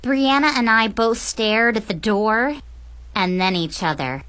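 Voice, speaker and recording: A young adult woman reading a comic first-person story aloud as an audiobook narrator, animated and playful in delivery. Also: a little high, unhurried.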